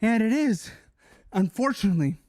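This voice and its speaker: A woman's voice: fairly high pitch, animated, moderate pace, darkish tone, no echo. A woman giving blunt, scolding commentary in a played clip, swearing as she rants. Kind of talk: ranting commentary.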